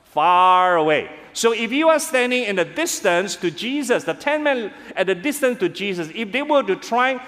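Male pastor, high voice, preaching in a hall with a long echo. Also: normal speed. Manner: animated, calls on the congregation to respond. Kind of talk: sermon. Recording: reverberant hall.

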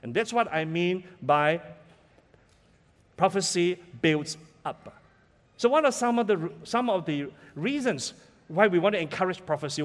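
Malaysian-accented male preacher, high-pitched and emphatic, heard with long hall reverb. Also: a bit bright. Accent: Malaysian English. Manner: emphatic, asks the congregation questions often. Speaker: pastor. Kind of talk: sermon.

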